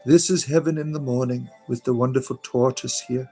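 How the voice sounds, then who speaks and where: A man voicing his pet tortoise as slow, drowsy and blissful, in his own voice. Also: mid-range voice, steady tone, warm tone, faint music behind, close to an everyday voice. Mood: contented. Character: gentle, contented female pet tortoise.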